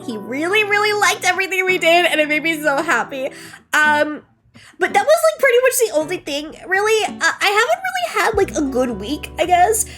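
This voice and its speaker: A young woman streaming, chatting casually and reading chat, giggly and bubbly, jumping between squeals and low mumbles. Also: fairly bright tone. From United States. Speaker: VTuber streamer.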